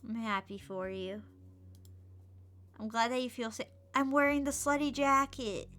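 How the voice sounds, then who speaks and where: A young woman streaming a game, chatting playfully and gushing over cute outfits, sometimes dropping to soft whispers. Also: fairly high pitch, steady tone, a little slow. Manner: slips into soft whispers and mutters. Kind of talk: casual gameplay commentary. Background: game music.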